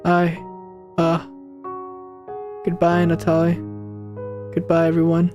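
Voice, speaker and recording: A man's voice: fairly high pitch, slow pace, highs cut off, soft background music. Slangy young man reacting to a game. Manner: casual slangy banter, excitable outbursts. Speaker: gaming channel host. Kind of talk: let's play commentary, reading game dialogue aloud.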